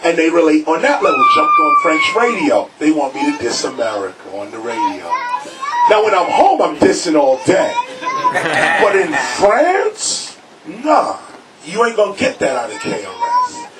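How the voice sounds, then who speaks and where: A man's voice: on the high side, wildly swooping pitch, moderate pace. A man, a rapper speaking to a live crowd in a record store, emphatic and preachy, raising his voice to hammer points home. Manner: preachy, emphatic, shouting for stress. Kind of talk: animated public talk to a crowd. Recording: noisy, distant crowd recording.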